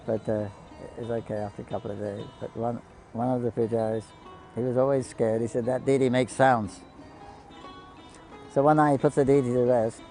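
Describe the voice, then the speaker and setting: A man giving a devotional talk, telling stories in a halting, anecdotal way and quoting the people in them. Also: medium pitch, fairly even intonation, mellow, faint music behind, low-quality recording. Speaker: devotee storyteller on a pilgrimage broadcast.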